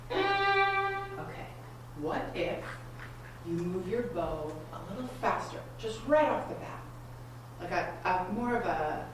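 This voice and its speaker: A woman's voice: low-pitched, background noise. A woman coaching a student string ensemble in a masterclass, giving encouraging, direct instructions and asking many questions. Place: rehearsal room at a community center. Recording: echoey room, far from the mic. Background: string instruments playing.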